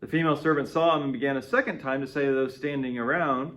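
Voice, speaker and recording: A man with a voice of ordinary middle pitch, reading a Bible passage and then reflecting on it as a devotional speaker. His delivery is conversational and plain, and he often tosses a quick "right?" to the listener. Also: fairly even intonation, a bit bright. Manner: conversational, tags points with "right?".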